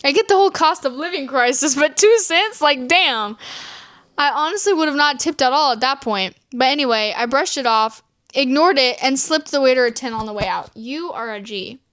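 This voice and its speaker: A woman's voice: high voice, a little fast, a bit bright, no room sound. A woman vlogger reading viewer dating stories aloud and reacting, swearing freely and laughing often. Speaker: storytime vlogger.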